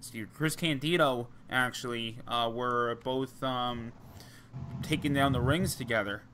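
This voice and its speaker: A man's voice: mid-range voice, a little slow, bright, forceful tone, slight background noise. A man with a New Jersey accent telling wrestling-business stories in a loose, rambling way, full of fillers and restarts. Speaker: podcast co-host. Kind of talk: casual storytelling chat.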